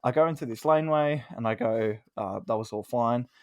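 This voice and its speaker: A man co-hosts a comedy podcast and tells a story with lively asides, acting out what people said. His voice sits at a middling pitch. The sound is dry and close. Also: a little fast, no echo. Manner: animated storyteller, acts out quoted lines. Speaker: podcast co-host.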